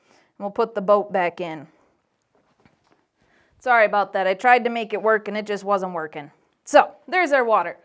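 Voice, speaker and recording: Lively woman teaching children a Bible lesson. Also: a little high. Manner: animated, playful storyteller, talking to kids. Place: church.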